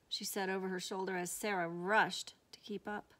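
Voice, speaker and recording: A woman teacher reading a picture book aloud to her students in an expressive storytelling manner, from a classroom. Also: medium pitch, moderate pace.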